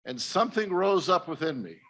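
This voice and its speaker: A man's voice: fairly high pitch, sing-song, fairly quick, a bit bright. An older man giving an earnest personal testimony talk to a conference audience, speaking directly to his listeners. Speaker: missionary speaker. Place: conference stage.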